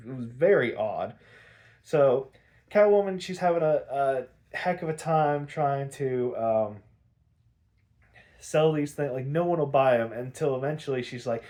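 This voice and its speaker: A man's voice: fairly high pitch, a little slow, a little mellow. A man hosting a podcast, recapping an episode in a rambling, profane, casual way, full of "like".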